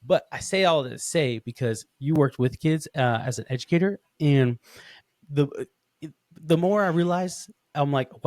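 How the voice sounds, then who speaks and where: Male podcast host, mid-pitch voice, rambling and animated, close dry mic. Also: moderate pace, no room sound. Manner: rambling, animated storytelling with many restarts. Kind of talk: casual interview chat.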